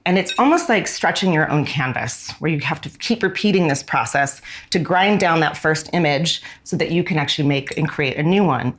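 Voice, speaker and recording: Low-pitched woman in her 40s, american, thoughtful storytelling, slows down on the big words. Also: animated. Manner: candid and reflective, often slowing down on key words. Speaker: fashion designer. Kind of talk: reflective personal storytelling.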